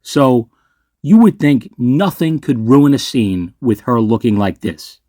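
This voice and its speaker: A man's voice: mid-range voice, expressive, takes it slowly, warm tone, no room sound, studio quality. A man hosting his own movie ranking video, talking in a sarcastic, ranting way and swearing freely. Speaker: movie reviewer host. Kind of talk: ranking list commentary.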